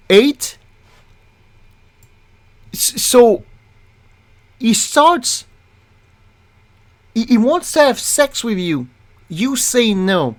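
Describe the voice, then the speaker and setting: A woman's voice: on the high side, animated, drawn-out words, long pauses, darkish tone. A woman host ranting angrily through a reaction commentary, profane and exasperated, often stumbling and restarting her words. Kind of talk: angry reaction commentary, reading a document aloud.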